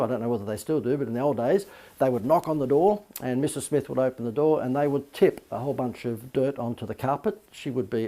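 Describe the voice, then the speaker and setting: A man's voice: mid-range voice, mellow. A man teaching a business marketing lesson as a coach, talking in a chatty, informal way with many fillers and asides.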